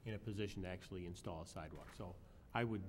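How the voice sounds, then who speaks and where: A man's voice: low voice, rapid-fire, background noise. A man alderman and committee chairman speaking at a council meeting in a matter-of-fact, agreeable way. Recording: long reverb council chamber audio.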